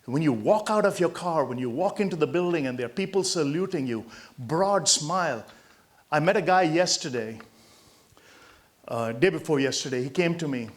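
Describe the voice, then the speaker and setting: A man in his sixties from India giving a motivational talk to hospital staff, an emphatic storyteller who swings between loud punchlines and quiet asides. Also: on the high side, expressive, moderate pace. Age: 60s. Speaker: motivational speaker.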